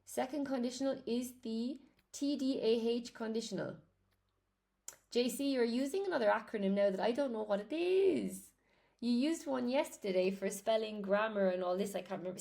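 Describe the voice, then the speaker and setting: A woman's voice: a little high, normal speed, creaky, darkish tone. A woman teaching English in a chatty live lesson, greeting viewers by name as she explains grammar.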